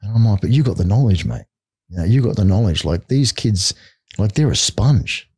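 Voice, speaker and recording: Middle-aged Australian man, podcast guest and coach, blunt and casual with a lowish, relaxed tone. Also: normal speed, husky, no room sound, studio quality. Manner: blunt, swears freely, peppers speech with "mate" and "like". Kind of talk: casual storytelling chat.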